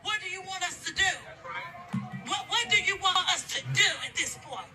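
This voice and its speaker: A man's voice: extremely high pitch, lively intonation, normal speed, sharp tone, soft background music. Pleading father in an echoey clip. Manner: pleading, at a loss for words.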